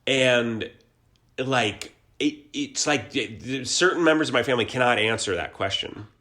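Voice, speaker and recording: A man's voice: medium pitch, moderate pace, pushed and bright. A man in his forties, from Ohio, talking earnestly and reflectively as an interview guest, often restarting his sentences. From Columbus, Ohio. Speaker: guest, actor and musician. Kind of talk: casual conversational interview.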